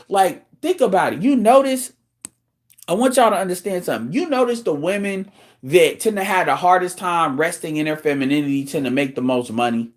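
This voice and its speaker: A man hosting a show, delivering a blunt, profane, incredulous rant in casual talk. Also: high-pitched.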